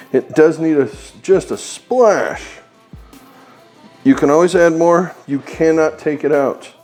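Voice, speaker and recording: A chatty man walks viewers through a recipe in his home kitchen, joking and giving firm, bossy tips along the way. His voice sits at an ordinary middle pitch. Soft music plays faintly underneath. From United States. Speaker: home cooking channel host. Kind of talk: casual cooking demonstration.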